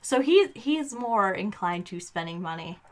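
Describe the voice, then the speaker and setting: A chatty woman co-hosting a casual podcast, talking at a mid pitch. She laughs easily and trips over her words with plenty of fillers and restarts as she talks things through. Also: animated, a little slow. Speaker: podcast co-host. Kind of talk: casual chat.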